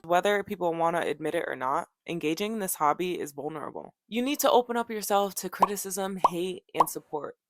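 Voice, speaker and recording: A woman's voice: fairly low pitch, expressive, brisk, hardly any pauses, over music. A young woman talking casually to her viewers in a vlog, chatty and playful, addressing them directly. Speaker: YouTuber. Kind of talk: casual vlog talk to camera.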